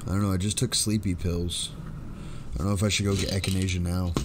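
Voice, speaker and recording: A man's voice: low-pitched, flat delivery, fast talker. A man chatting casually on a live stream from home, answering his viewers' messages, with a slight sore throat and an occasional cough. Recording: noisy stream audio.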